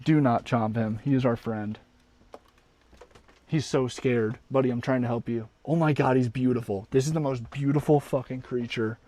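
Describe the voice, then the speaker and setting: A man live-streaming from inside his van, chatting casually with viewers and his dog, excitable and swearing freely. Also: medium pitch, moderate pace. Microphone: desk mic.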